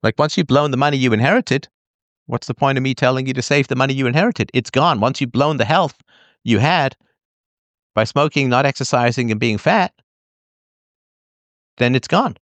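A man's voice: mid-range voice, normal speed, pauses often, fairly bright tone, no room sound. A middle-aged man hosting a podcast, speaking bluntly and emphatically, sometimes mimicking whiny people. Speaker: podcast host. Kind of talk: monologue to listeners.

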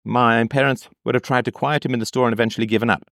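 A man's voice: mid-range voice, steady tone, fast, fairly bright tone, no room sound. A man with a mid-range voice reads a text aloud and keeps stopping to tear into it. His commentary is sarcastic and emphatic, and he drives points home by repeating them. The recording is dry, with no room sound. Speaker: commentator reading and reacting to a text. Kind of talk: reading aloud and ranting commentary.

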